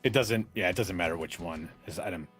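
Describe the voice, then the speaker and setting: A man's voice: deep voice, fairly quick, a bit bright, breathy edge, faint music behind. A man playing a tabletop game over a voice call, hesitant and humming while he works out his moves. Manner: hesitant, hums while thinking. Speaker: player. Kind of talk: casual tabletop game play.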